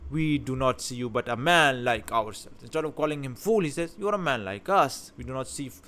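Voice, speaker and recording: A man's voice: mid-range voice, animated, a little fast, fairly bright tone. A man teaching about scripture in a talk, stressing key words with emphasis and often restarting his phrases. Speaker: religious teacher.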